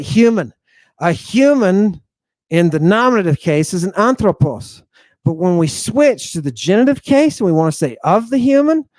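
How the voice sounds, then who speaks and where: Lively man teaching Greek, dark dry voice. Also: on the high side, dry recording. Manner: animated, blunt, talks to viewers and a helper. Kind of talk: casual lecture over slides.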